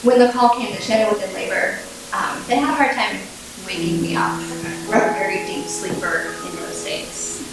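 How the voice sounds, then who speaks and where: A woman's voice: medium pitch, moderate pace. Candid woman storyteller in an echoey room. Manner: candid, wry, laughing at herself. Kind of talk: live storytelling on stage. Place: small theater with audience. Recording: echoey room recording from far off, with music.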